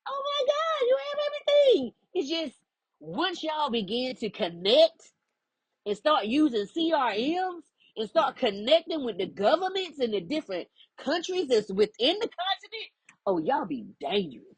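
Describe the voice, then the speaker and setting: A woman's voice: high voice, sing-song, unhurried, husky, no room sound, rough recording. Emphatic preachy woman coach, dry close sound. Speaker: spiritual life coach. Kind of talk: direct-to-camera monologue.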